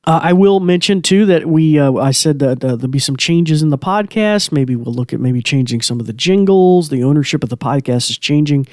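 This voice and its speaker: A man's voice: a little high, animated, brisk, hardly any pauses, a little mellow, no echo, studio quality. A man hosting a podcast in a casual, chatty way, with many fillers. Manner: chatty, with frequent fillers and laughs. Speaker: podcast host and assistive technology instructor.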